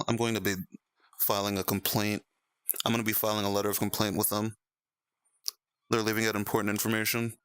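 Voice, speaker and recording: A young man streaming in VR, chatting casually with viewers, animated and laughing often. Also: lowish voice, vocal fry, no echo. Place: VR chat stream at home.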